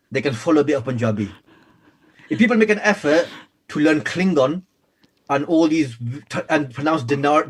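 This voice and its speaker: Guy on radio, chatty and playful, voice sits a bit high. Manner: lively, chatty, playful storyteller. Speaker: guest author. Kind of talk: casual radio interview. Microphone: radio studio microphone.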